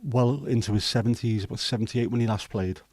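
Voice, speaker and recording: A man of medium pitch with a Liverpool accent hosts a relaxed livestream, answering viewer comments through hesitant, rambling chat and the occasional swear word. He talks briskly in a slightly mellow tone. The recording is dry.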